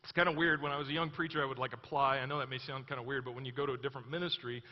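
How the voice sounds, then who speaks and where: A man's voice: medium pitch, level tone, racing. A man preaching a sermon, telling a story casually, then reading scripture aloud with emphasis. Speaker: pastor. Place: church hall. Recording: muffled church hall recording with long reverb.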